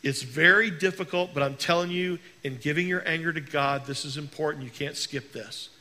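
A male pastor preaching a sermon in an earnest way, slowing down to stress key words. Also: fairly high pitch, sharp tone.

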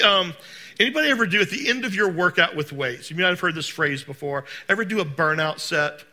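A man preaching a sermon to a congregation, talking conversationally, asking the room questions and acting out scenes with sudden shouts. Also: a little high. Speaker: pastor. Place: church service.

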